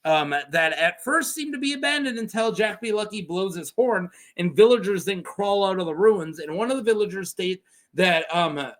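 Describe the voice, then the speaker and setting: Chatty man with a lively, high voice. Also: moderate pace. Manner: rambling, self-correcting, laughs often. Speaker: lore video host. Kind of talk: casual story recap.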